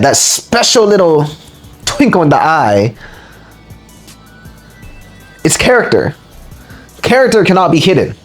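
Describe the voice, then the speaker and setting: Man, spiritual lecture, fairly high voice, swinging intonation, faint music behind. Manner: emphatic, repeats words for punch. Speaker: spiritual teacher and channel host.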